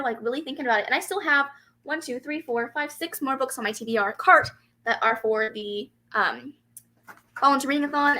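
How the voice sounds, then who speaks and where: A woman's voice: on the high side, sharp tone, poor audio. A young woman hosting a casual reading livestream, chatting animatedly and giggling as she answers comments. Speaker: booktube livestream host. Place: home room with a fan running.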